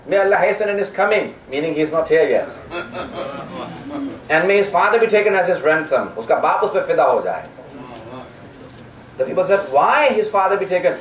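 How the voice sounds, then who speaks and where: A man's voice: high-pitched, expressive, a little fast, recorded from a distance. A man giving a religious lecture, telling stories with quoted dialogue and many fillers. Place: lecture hall. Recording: echoey hall, recorded from afar.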